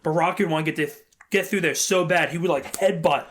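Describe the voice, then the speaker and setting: A young man co-hosting a podcast in casual chat, telling animated stories and breaking into sudden shouted impressions. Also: fairly high pitch, fast. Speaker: podcast co-host.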